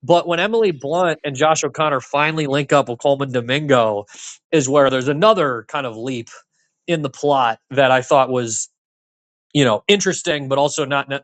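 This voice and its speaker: A man's voice: medium pitch, brisk, fairly bright tone, no echo. A man co-hosting a podcast, chatting casually about a film, rambling with many fillers and restarts. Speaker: podcast co-host.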